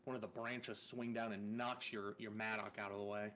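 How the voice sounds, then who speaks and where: A man's voice: lowish voice, level tone, moderate pace, pushed and bright. A man narrating a tabletop game as game master in a loose, casual way, swearing and laughing between rules calls.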